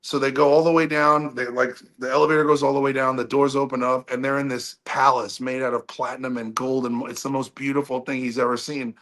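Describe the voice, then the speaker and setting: A man who is a rock singer and guest on a podcast, telling a long story in a casual, animated way with many restarts. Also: medium pitch, fairly quick, hardly any pauses.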